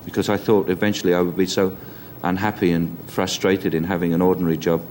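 A man with a Cockney accent, reflecting in an interview and pausing with many ums. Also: deep voice, flat delivery, a little mellow, a little hiss or hum. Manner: hesitant, many ums and restarts. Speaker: interview guest.

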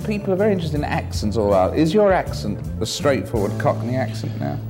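Quick, lively male interviewer. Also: fairly high pitch, vocal fry, over music. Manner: quick, playful, teasing questions. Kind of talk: conversational interview questions.

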